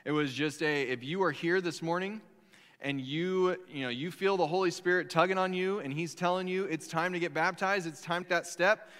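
A man's voice: a little high, moderate pace, a bit bright. A man preaching a sermon as a pastor, telling stories in a loose, conversational way with frequent restarts. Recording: long hall reverb.

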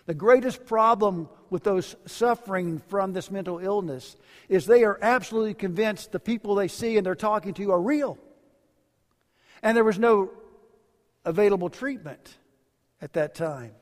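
A male pastor delivering a sermon, telling stories and dropping to quiet phrase endings. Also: sits high, moderate pace. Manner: storytelling preacher, varies volume widely, drops to quiet endings. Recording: long hall reverb.

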